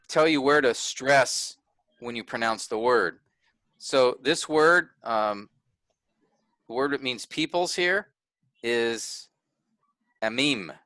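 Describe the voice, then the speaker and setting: Man, teacher, video-call lecture, slow and patient, bright voice, checks in with listeners. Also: mid-range voice, no echo. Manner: patient, often checks understanding. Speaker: Bible teacher. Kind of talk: online workshop lecture.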